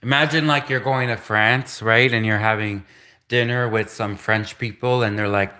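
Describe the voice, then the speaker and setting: A man's voice: fairly low pitch, steady tone, moderate pace, sharp tone. A man from Canada rambling through a casual solo livestream monologue, repeating himself and giggling between asides. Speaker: livestream host.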